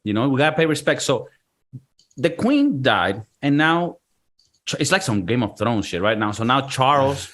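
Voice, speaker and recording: A man hosting a casual podcast with his friends, loose, profane and joking. He slips into goofy put-on voices now and then, and his pitch sits in the ordinary middle range. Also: sing-song, normal speed, a bit bright. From Venezuela. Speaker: podcast host.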